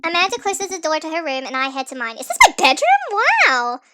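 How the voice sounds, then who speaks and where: A woman narrating a story game with jokey asides and tripping over words, with a sped-up, pitched-up nightcore effect. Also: sing-song, fairly quick, loud music behind the voice. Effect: sped-up, pitched-up nightcore edit. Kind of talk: playthrough narration with commentary.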